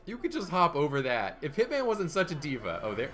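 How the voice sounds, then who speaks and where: Joking male streamer, lively and bright. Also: on the high side, brisk. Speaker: streamer co-host. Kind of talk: casual gaming stream banter.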